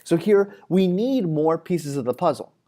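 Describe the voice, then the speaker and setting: Expressive and warm, this psychology lecturer's fairly high voice moves at a moderate pace. He lectures casually to a class, using plenty of fillers and performing everyday scenarios in quoted voices.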